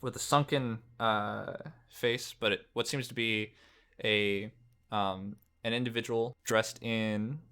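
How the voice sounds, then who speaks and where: A man narrating as game master for a tabletop game, wandering through his descriptions with many fillers and self-corrections. His voice sits low and sounds bright and smooth. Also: fairly even intonation, slow pace. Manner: rambling, many fillers and restarts.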